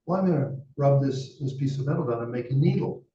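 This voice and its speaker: A stubborn, patient old tradesman, unhurried and reassuring, as a man puts him on. The voice is lifted higher than the speaker's usual tone and heard through a dull, roomy recording. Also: expressive, dark tone, natural voice. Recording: roomy, distant, dull sound.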